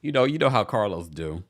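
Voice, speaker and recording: A man hosting a live recap show, chatting casually and playfully while reading out viewer comments. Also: mid-range voice. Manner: animated, playful, reads viewer comments aloud. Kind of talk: casual livestream chat.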